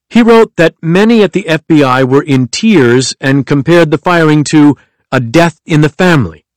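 A man giving a measured, even nonfiction audiobook narration. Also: fairly high pitch, no room sound.

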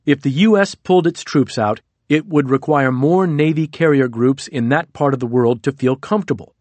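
A man reading a nonfiction audiobook in a measured, even narration. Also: mid-range voice, no echo. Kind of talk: scripted narration.

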